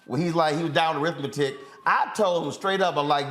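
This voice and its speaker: High-voiced teasing male talk show host. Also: brisk, few pauses, fairly bright tone. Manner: teasing, slangy, interrupts. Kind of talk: joking panel banter.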